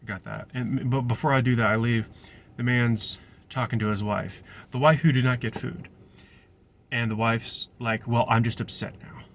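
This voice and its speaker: A man's voice: medium pitch, steady tone, moderate pace, fairly bright tone, slight background noise. A young man, a restaurant server, casually telling a rambling story full of restarts and digressions.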